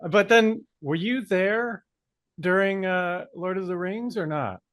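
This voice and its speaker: A man's voice: sits high, slow pace, fairly bright tone, no echo. A man hosting a podcast, chatting casually and asking lots of curious questions. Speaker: podcast host. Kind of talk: casual chat.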